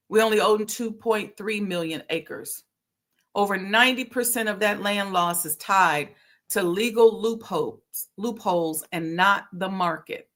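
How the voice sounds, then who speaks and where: A woman's voice: medium pitch, fairly bright tone. Chatty, preachy middle-aged woman host. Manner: conversational, preachy, laughs often, slips into slang. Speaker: historic preservation consultant and channel host. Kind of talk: casual teaching talk.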